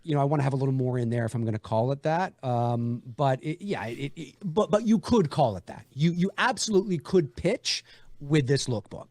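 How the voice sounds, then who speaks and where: A man's voice: medium pitch, expressive, brisk, darkish tone, no echo. A man, an indie horror filmmaker, chatting casually on a livestream, rambling with lots of fillers and restarts.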